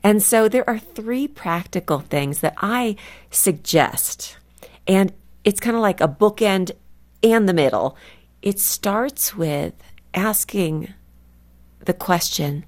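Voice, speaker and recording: A woman from California, a guest author speaking earnestly and reflectively in a faith radio interview, slowing down to stress key words. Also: mid-range voice, lively intonation. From California, USA.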